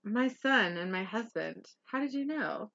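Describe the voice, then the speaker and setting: A woman's voice: mid-range voice, lively intonation, measured pace, vocal fry, fairly bright tone, dull audio, full character voice. A woman reading the lines of a down-to-earth, modest small-town woman sheriff in a plain, self-deprecating way. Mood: wistful.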